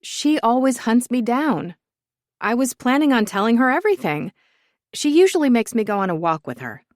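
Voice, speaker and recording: A woman's voice: fairly high pitch, big pitch swings, normal speed, dry recording, clean studio sound, voice pushed up. A woman voicing Roger, a cocky, joking young man. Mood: teasing. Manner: breezy, joking, bossy. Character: cocky, teasing young man who loves attention.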